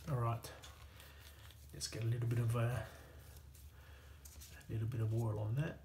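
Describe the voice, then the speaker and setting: A man's voice: mid-range voice, completely flat delivery, normal speed, mellow, reverberant, slight background noise. A man with an Australian accent chatting casually to himself and his viewers while working at a workbench, self-deprecating and easygoing. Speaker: hobbyist watchmaker.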